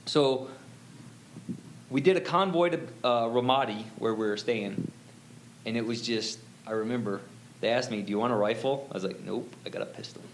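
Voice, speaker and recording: Male guest, mid pitch, rambling personal story, slight background hiss. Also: moderate pace, low-quality recording. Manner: rambling, many fillers and self-quotes. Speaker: guest telling his faith story. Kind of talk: casual storytelling.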